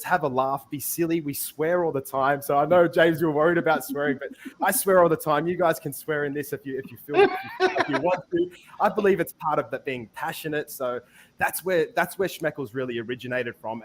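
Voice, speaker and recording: A man's voice: fairly high pitch, a little hiss or hum. Rambling, enthusiastic male guest. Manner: rambling and enthusiastic, many restarts. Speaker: project lead, guest. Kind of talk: casual interview.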